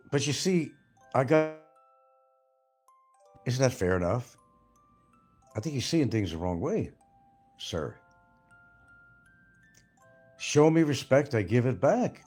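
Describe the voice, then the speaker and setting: Man, livestream host, husky, lively pitch swings, blunt, profane. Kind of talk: casual livestream chat.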